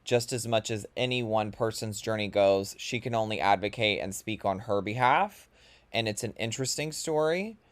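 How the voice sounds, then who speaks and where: A man's voice: fairly low pitch, clear, resonant tone. A man hosting a casual podcast, upbeat and bubbly, laughing often with his guest. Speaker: podcast host.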